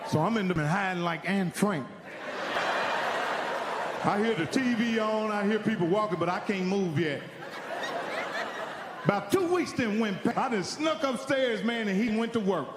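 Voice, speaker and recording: A man from Indiana doing stand-up, telling stories in a profane, animated way with shouted punchlines. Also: high-pitched, moderate pace, pauses often. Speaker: stand-up comedian. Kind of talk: stand-up storytelling. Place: comedy stage. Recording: live venue reverb, faint noise.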